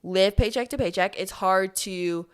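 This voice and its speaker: Young woman telling a lively story. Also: mid-range voice, a little slow, clean tone. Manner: animated storyteller, heartfelt. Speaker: podcast guest. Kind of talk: casual faith chat.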